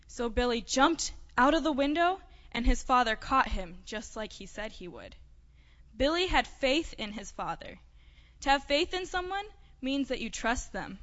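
A woman with a fairly high voice tells a children's story during a church service. She speaks gently and plainly. The recording is dull and lo-fi, and a long reverb trails her words. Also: big pitch swings, a little slow. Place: church sanctuary.

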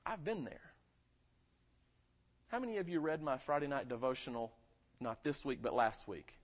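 Very animated at a moderate pace, this medium-pitched male pastor from North Carolina preaches conversationally with a light Southern accent. He asks his congregation for amens, and the sound is muffled and lo-fi.

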